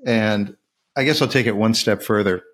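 A man's voice: lowish voice, normal speed, a bit bright. A man hosting a casual film discussion, asking questions and retelling scenes with energy. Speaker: podcast host.

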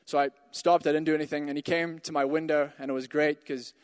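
High-voiced man preaching with a story. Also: little pitch movement, fast, clear, resonant tone, big-room sound. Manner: storytelling, builds to emphatic exhortations. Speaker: pastor. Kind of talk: sermon with a personal story.

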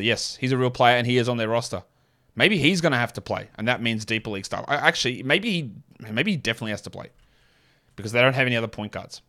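Chatty fantasy basketball host, non-American accent. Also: male voice, mid-range voice, sharp tone. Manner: chatty, opinionated, quick asides. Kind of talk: casual solo analysis with ad read.

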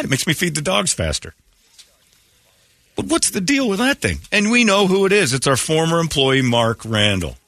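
A man hosting a radio show, ranting and teasing in animated, casual talk from a studio. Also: a little high, moderate pace, no room sound. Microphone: studio microphone.

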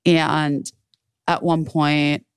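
Speaking extremely slowly in a low, smooth voice, this podcast co-host spins a story during relaxed conversation. She brings her friends' words to life, cursing often and leaning heavily on "like." It's studio quality with no room sound.

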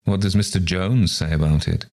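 A man's voice: deep voice, steady tone, moderate pace, creaky, darkish tone. A man reading aloud, voicing a wry, laconic male guest.

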